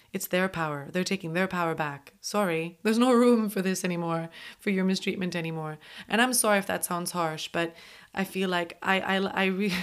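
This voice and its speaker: A woman hosting an advice talk show, speaking in an earnest, emphatic way and often saying "like". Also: on the low side. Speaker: podcast host.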